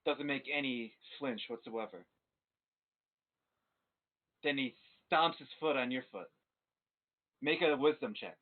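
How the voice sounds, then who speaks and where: A man narrating a tabletop game as game master, telling the scene in an animated way. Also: mid-range voice, slow, pauses often. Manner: animated storytelling. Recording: tinny phone-like stream audio.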